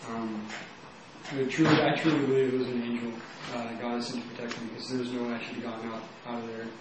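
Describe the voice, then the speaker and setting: A man's voice: mid-range voice, flat delivery, fast talker, heavy background noise. Young man telling his story in an echoey room. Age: young adult. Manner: casual, rambling, heavy use of "like". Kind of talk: personal testimony. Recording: very echoey room, mic at a distance.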